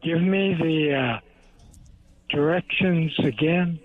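An older man calling in to a radio show, speaking hesitantly with many pauses. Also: on the high side. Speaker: caller. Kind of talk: phone-in question. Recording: tinny phone line.

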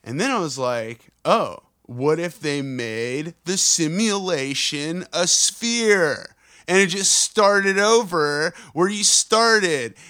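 A man hosting his own podcast, rambling excitedly through a profane, casual monologue full of asides. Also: on the high side, slow. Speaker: podcast host. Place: on the road.

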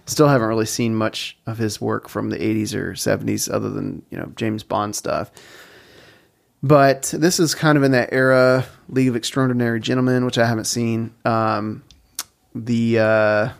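A man's voice: medium pitch, fairly even intonation, moderate pace, vocal fry. A young adult man co-hosting a casual podcast chat, rambling and laughing often mid-sentence. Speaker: podcast co-host.

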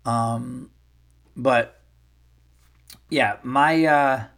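A man hosting a podcast, telling a rambling, profane, animated story in casual talk, his voice worn from getting sick. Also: mid-range voice, drawn-out words, creaky. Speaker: podcast host. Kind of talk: casual comedic storytelling monologue.

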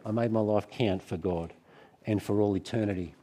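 A middle-aged man preaching a sermon to a church gathering, conversational and warm in tone, with frequent restarts. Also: on the low side, normal speed.

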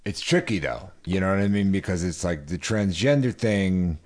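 A man co-hosting a podcast, chatting casually and telling rambling stories in an animated way. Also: sits low, normal speed. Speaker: podcast co-host. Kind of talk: casual chat.

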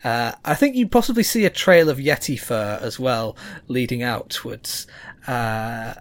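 A man's voice: mid-range voice, a little slow. A man narrating as game master, chatty, with many fillers.

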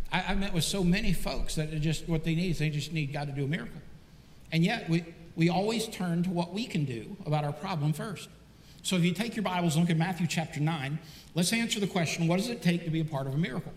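A pastor preaching a sermon in a church, animated and storytelling, often repeating words as he goes. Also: high voice. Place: church sanctuary. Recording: echoey church hall reverb.

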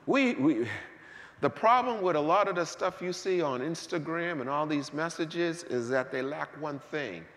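A man preaching a sermon, swinging between hushed asides and shouted peaks in a church sanctuary. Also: a little high, animated, moderate pace. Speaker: pastor. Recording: long hall reverb.

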